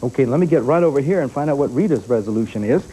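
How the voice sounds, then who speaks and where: A quick-talking man hosts a children's TV show, chatting cheerfully with the kids in the studio and laughing easily. His voice is mellow and dark, and a faint hiss sits under it. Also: medium pitch, animated, rough recording. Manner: cheerful, asks children questions, laughs often.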